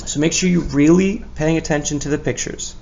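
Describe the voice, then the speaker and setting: A man's voice: a little high, steady tone, fairly quick, gravelly, darkish tone, slight background noise. A male teacher giving a recorded spelling lesson for young children, patient and encouraging as he sounds out each letter and praises often.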